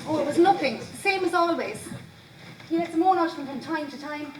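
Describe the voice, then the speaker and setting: An actress playing a brisk Irish countrywoman who fusses and gives orders, on stage. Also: sits high, lightly acted. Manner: brisk, fussing, commanding. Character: brisk young countrywoman nursing her ailing father. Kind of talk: amateur stage play. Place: stage in a hall. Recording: echoey hall from far off, faint noise.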